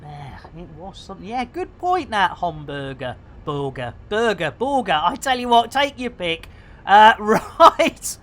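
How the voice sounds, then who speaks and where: A man's voice: high-pitched, sing-song, a little slow, a bit bright, slight background noise. A man giving playful, theatrical commentary on a live game stream. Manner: jokey, theatrical, lots of pet phrases.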